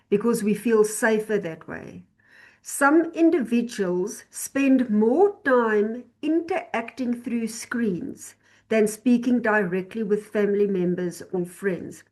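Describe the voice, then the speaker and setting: A woman with a fairly high voice teaches an online class over a video call. She talks slowly and deliberately, explaining each point and often repeating or restarting her phrases.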